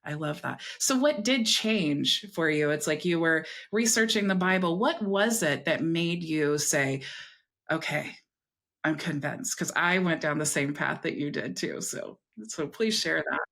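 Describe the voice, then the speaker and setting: A woman hosting a podcast, telling a personal story in a lively way and acting out the voices she quotes. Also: low-pitched, measured pace, gravelly, hardly any pauses. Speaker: podcast host. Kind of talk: casual interview talk.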